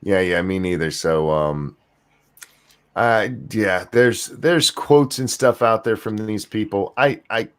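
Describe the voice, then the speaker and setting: Older man hosting a relaxed chat. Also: lowish voice, slow, smooth. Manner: relaxed, rambling with fillers. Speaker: host. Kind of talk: casual podcast chat.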